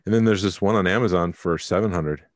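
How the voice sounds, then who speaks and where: A man co-hosting a casual podcast, talking in a very low, deep voice. He is chatty and jokey and reads figures out loud. The sound is close and dry, with no room echo. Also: fast talker. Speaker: podcast co-host. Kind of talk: casual chat.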